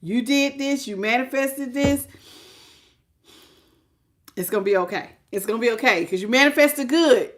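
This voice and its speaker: A middle-aged woman reading tarot on a live stream, animated and exclamatory, greeting her viewers by name. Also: fairly high pitch, moderate pace, pauses often, slight background noise. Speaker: tarot reader.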